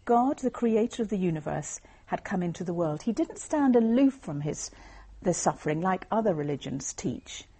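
A woman delivers an evangelistic Bible talk in an earnest, explanatory way. Her voice is warm and mellow, with a husky, breathy texture. She sits at a middling pitch for a woman. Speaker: lay speaker giving a Christian talk.

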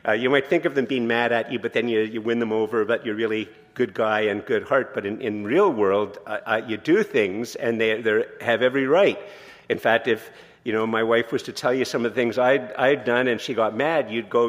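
Man preaching in a reverberant church. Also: mid-range voice. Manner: conversational, self-deprecating humor, slows for scripture. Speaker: pastor. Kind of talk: sermon. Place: church sanctuary. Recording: long reverb of a church hall.

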